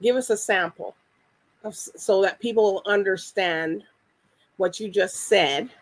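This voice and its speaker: A woman hosting an interview, lively and encouraging as she prompts her guest. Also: medium pitch, measured pace, no echo. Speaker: talk show host. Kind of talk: casual interview talk.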